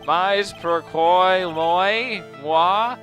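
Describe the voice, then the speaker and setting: A man's voice: high-pitched, very slow, fairly bright tone, heavily acted. A man voicing a flamboyant French restaurant owner in a hammy mock French accent, stretching his words, with game music behind. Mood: indignant.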